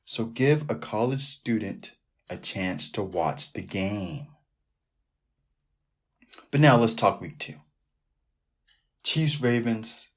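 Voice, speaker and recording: A man hosting a sports podcast alone, talking in a loose, animated way that keeps drifting off into tangents. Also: on the low side, slow pace, pauses often. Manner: rambling, animated, riffs off on tangents. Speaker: podcast host. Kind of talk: casual sports podcast monologue.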